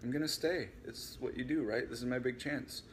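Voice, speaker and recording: A man voicing a frank, weary young man who is quietly upset. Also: mid-range voice, brisk, a little hiss or hum, lightly acted. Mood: glum.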